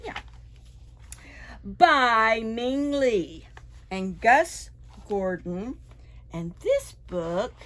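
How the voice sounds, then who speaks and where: A woman librarian reading a picture book aloud to preschoolers in a library, expressive and full of sound effects and asides. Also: mid-range voice, slight background noise. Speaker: children's librarian. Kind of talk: preschool storytime read-aloud.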